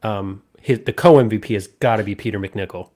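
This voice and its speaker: A man's voice: fairly low pitch, normal speed, a little mellow. A man co-hosting a podcast, chatting casually about movies with friends, laughing often and acting out lines. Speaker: podcast co-host.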